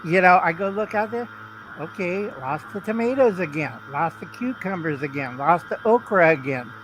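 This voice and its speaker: A man's voice: high-pitched, expressive, moderate pace, a bit bright, slight background noise, rough recording. A man calling into a casual live chat, rambling as he lists things off. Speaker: chat guest.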